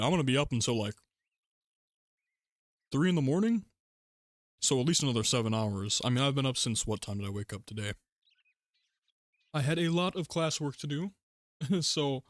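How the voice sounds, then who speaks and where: A man's voice: mid-range voice, normal speed, long pauses, no echo. Young man rambling on a stream. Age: young adult. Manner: rambling, relaxed, laughs often, yawning. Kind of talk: casual gaming livestream chat.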